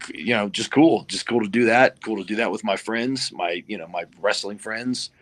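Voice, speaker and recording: A man, a guest in a casual chat, recalling old times fondly and relaxed with many fillers. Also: fairly low pitch, moderate pace. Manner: relaxed, fond, filler-heavy.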